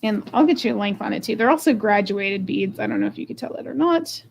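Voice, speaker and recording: A woman's voice: mid-range voice, animated, fast, creaky, background noise. A woman selling jewelry on a live stream, chatting playfully and joking about herself as she unboxes and runs auctions. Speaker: online jewelry seller. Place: home room.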